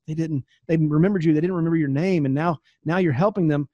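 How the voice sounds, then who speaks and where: A man giving blunt, animated coaching advice, often restarting his sentences and acting out little exchanges. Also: on the high side, fast talker, hardly any pauses, no echo. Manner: frequent restarts and repeated words. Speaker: business coach. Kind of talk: instructional talk to camera.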